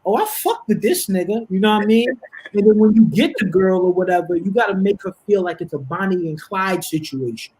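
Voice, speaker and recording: Husky-voiced animated New man. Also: high-pitched, brisk, rough recording. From Harlem, New York. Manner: animated storytelling, laughing often. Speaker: guest. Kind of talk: casual podcast chat.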